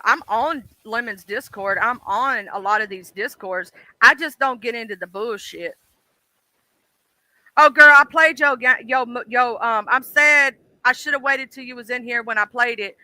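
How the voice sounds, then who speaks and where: A woman's voice: fairly high pitch, bright, forceful tone, no room sound, poor audio. A woman hosting a casual livestream, chatting bluntly about online drama and swearing freely. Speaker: livestream host.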